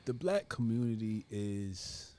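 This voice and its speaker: A man appearing as a guest, telling stories in a relaxed, casual way and often saying "like". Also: on the low side, takes it slowly, no echo. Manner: relaxed, peppers speech with "like". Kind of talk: casual conversational storytelling.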